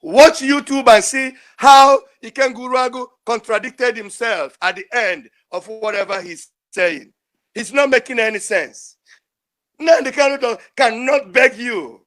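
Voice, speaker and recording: Older male caller, strikingly high-pitched, pleads emotionally and repeats himself. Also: a little slow, a bit bright. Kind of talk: impassioned call-in speech.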